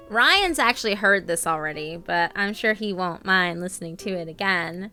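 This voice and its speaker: A woman's voice: on the low side, expressive, measured pace, long pauses, bright, forceful tone, soft background music. A young woman streamer chatting casually with viewers, reading out their names between lots of ums and laughs. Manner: chatty, reads out viewer names, filler-heavy. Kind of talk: casual live-stream chat.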